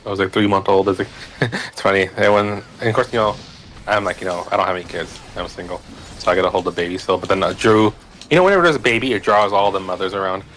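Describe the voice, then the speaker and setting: Low-voiced man telling a rambling story. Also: fast, a bit bright, a little hiss or hum, poor audio. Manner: rambling storyteller, many fillers. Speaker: guest on the stream. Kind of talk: casual chat.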